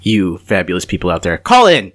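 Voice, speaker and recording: Host, male, jokey, bright lively voice, Ohio. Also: sits low, a little fast. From Northeast Ohio, US. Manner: jokey, laughs often. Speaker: podcast host. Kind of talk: casual chat.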